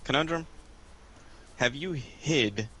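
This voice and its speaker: A young man on a casual podcast tells profane, crude stories to his friends. His voice is bright and forward, with a faint hiss in the background. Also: medium pitch, slow pace. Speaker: podcast co-host. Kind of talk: casual chat.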